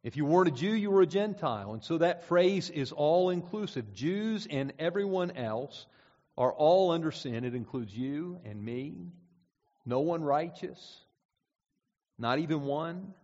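A man preaching a sermon, measured and deliberate, slowing down to stress key words. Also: a little high, animated, warm tone. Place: church auditorium. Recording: dull recording in a reverberant hall.

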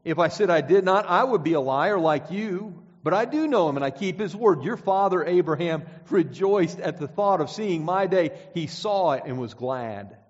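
A man with a fairly high voice preaches, reading verses aloud and driving home each point. His words ring out with a long reverb, as in a church sanctuary. The recording sounds slightly dull. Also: animated, normal speed, few pauses. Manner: emphatic, rising and falling, reads scripture aloud. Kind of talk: sermon with scripture reading.

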